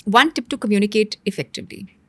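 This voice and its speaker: Brisk woman host, dry sound. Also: medium pitch, sing-song, fairly bright tone, husky, no echo. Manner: brisk, short questions and quick acknowledgements. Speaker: podcast host. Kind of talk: interview questions, rapid-fire segment.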